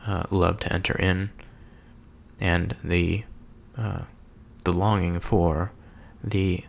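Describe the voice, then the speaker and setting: A man giving a slow, halting contemplative reflection on a scripture reading, pausing often and thinking aloud as he goes. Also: sits low, level tone, creaky, slight background noise. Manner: slow, halting, with many pauses and fillers. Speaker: solo speaker reflecting on scripture.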